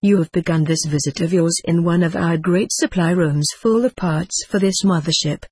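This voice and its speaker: A woman's voice: on the low side, normal speed, darkish tone, breathy edge, no echo. A woman reading as an amused starship crewman. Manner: emphatic, commanding. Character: friendly adult male starship crewman, amused.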